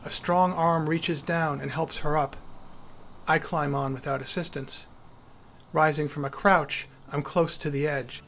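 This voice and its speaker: Male author-narrator, wry storyteller, slightly high pitch, soft music bed. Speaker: author narrating his memoir. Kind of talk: audiobook memoir narration.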